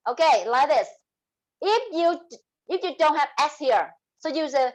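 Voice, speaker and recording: Woman teacher, Vietnamese accent, high voice, slow modeled examples. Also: lively intonation, poor audio. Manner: switches between English and Vietnamese explanations, drawn-out examples. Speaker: English teacher. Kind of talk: online class lesson.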